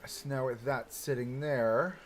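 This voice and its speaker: Talking at an unhurried pace in a medium-pitched voice, a man chats through his theme park construction on a live stream. He thinks aloud, leaning on "like" and rhetorical "right?" again and again. A little hiss or hum is audible.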